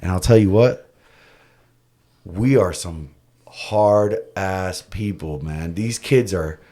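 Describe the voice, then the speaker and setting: Young man from Florida, lower voice, podcast guest telling stories with lots of laughs. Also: takes it slowly. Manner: laughing, animated anecdotes with acted-out quotes. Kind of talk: casual storytelling.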